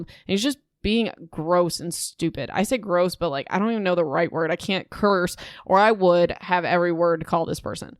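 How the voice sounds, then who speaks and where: A young woman hosting a podcast, recapping a book in a casual, animated, indignant way, with many "like"s. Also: on the low side, normal speed, hardly any pauses, clear, resonant tone, no echo, studio quality. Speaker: podcast host.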